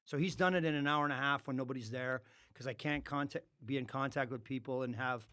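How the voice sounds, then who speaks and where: Animated storytelling man, blunt and profane. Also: medium pitch, fast. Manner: animated, acts out quoted dialogue, swears freely. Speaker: podcast guest. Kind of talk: casual storytelling.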